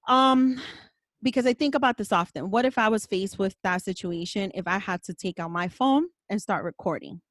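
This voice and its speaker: A podcast host speaks in a medium-pitched, slightly bright voice with no echo. Her casual conversation is passionate and emphatic, with occasional swearing.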